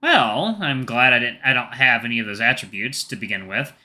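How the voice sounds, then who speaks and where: Visual novel role: a man reading a bashful, joking young guy, bright sharp voice, lively. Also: medium pitch, fairly quick. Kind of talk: visual novel read aloud.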